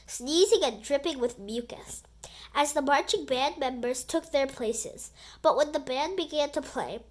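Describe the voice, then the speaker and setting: A woman reading a children's book aloud in an animated, expressive storytelling voice. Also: high voice.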